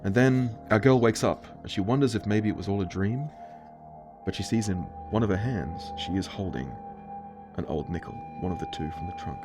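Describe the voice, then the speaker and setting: Deep-voiced man retelling a book. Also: animated, normal speed. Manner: enthusiastic, casual. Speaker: book reviewer. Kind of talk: storybook retelling. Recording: music playing under voice.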